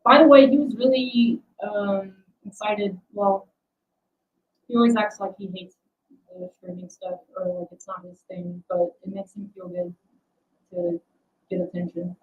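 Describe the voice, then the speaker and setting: A woman's voice: mid-range voice, fairly even intonation, a little slow, phone-quality sound. A young adult woman hosting a casual livestream, rambling and self-deprecating as she chats with her viewers. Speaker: livestream host.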